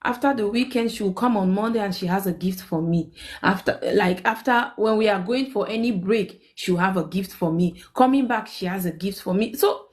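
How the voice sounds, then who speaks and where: A young woman, hosting a live stream and telling a personal story in casual chat. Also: moderate pace. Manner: animated, quotes people with big pitch jumps.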